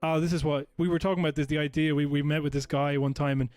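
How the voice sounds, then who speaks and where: A man's voice: on the high side, little pitch movement, quick pace, darkish tone, no room sound. A man from Ireland co-hosting a podcast, rambling casually and swearing freely. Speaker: podcast co-host.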